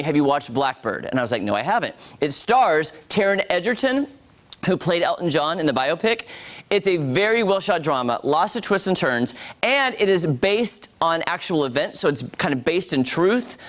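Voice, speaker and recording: A chatty man reviews shows for a morning program, his pitch bouncing up and down as he talks. His voice sits a bit high and stays lively, addressing the audience directly. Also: moderate pace. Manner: chatty, animated, addresses viewers as guys. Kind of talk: casual TV review.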